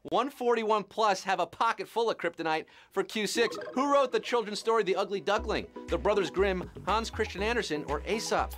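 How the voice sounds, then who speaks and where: A man with a high voice hosts a live trivia game show. He reads questions and answers in a playful, punning patter full of wisecracks. Soft music plays faintly behind him. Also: expressive, moderate pace, hardly any pauses. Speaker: quiz show host.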